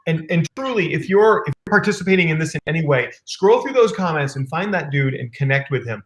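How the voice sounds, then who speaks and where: Fired-up guy hosting a video call stream, kinda high voice, stumbles and repeats himself when he gets going. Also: expressive. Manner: enthusiastic, repeats words, quick bursts. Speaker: host of a live business stream. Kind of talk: casual chat.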